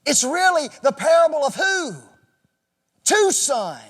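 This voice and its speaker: Man, Bible class teacher, high and very animated voice, playful quizzing style, long echo of a church hall. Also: a little slow. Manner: quizzes the class with questions, joking, often says "folks". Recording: echoey hall reverb.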